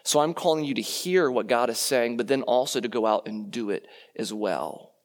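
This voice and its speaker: A man delivering a sermon in a chatty, conversational manner. He keeps checking in with his listeners through rhetorical questions and quick tag questions. His voice sits at an ordinary middle pitch for a man. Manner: conversational, rhetorical questions, frequent "right?" tags. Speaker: preacher.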